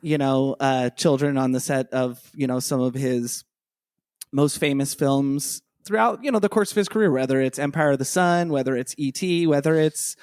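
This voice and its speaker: A man's voice: medium pitch, moderate pace, darkish tone, clean tone, no echo, clean studio sound. Rambling, enthusiastic male podcast co-host. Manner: rambling, enthusiastic, lots of fillers. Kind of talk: casual podcast chat.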